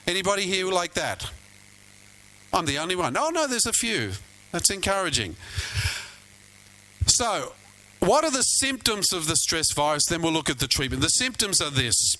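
A pastor delivers a sermon in a chatty, storytelling way, often turning to ask his listeners questions. His voice sits high for a man and sounds bright and forceful. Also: very animated, moderate pace, long pauses, rough recording. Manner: storytelling, conversational, asks the congregation questions.

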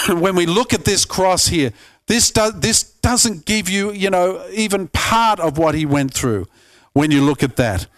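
A pastor earnestly preaching a sermon, often climbing to emphatic peaks and stumbling over repeated words. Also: male voice, sits high, lively intonation, unhurried.

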